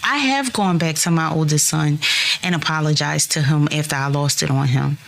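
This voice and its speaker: A woman in her thirties talks straight to her listeners in a solo podcast, earnest and reassuring. Her voice sits a little low for a woman. Faint ambient noise hums behind her. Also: normal speed, gravelly. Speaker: podcast host.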